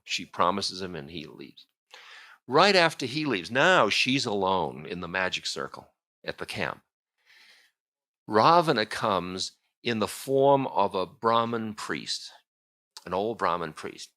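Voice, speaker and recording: A man's voice: lowish voice, expressive, a little slow, sharp tone. A man, a spiritual teacher, telling an old story in a casual, humorous lecture with frequent chuckles.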